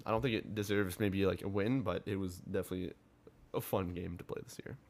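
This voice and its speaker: A man's voice: lowish voice, a bit bright. A man co-hosting a casual gaming podcast, rambling and profane, loose and filler-heavy. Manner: rambling, laid-back, profane, lots of filler words. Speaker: podcast co-host.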